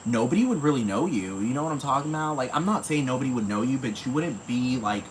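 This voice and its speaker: Speaking quickly and expressively in a mid-range voice, a solo podcast host rambles with casual profanity, repeating "you know what I'm talking about." The low-quality recording has slight background noise.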